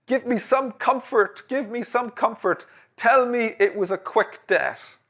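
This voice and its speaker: A man voicing a grieving young wife who pleads in a high, tearful voice. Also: measured pace, fairly bright tone, heavily acted. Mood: pleading. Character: distraught young wife, a woman.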